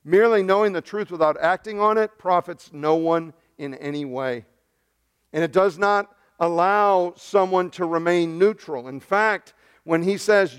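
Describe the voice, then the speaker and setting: Man preaching a lively, conversational sermon. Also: high voice, normal speed, clear, resonant tone. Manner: conversational preaching, wide swings from hushed to loud. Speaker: pastor.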